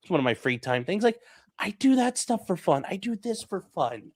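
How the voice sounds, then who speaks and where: A man's voice: sits high, big pitch swings, moderate pace. A man co-hosting a casual political podcast, talking animatedly, swearing and mimicking people with mocking voices. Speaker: podcast co-host.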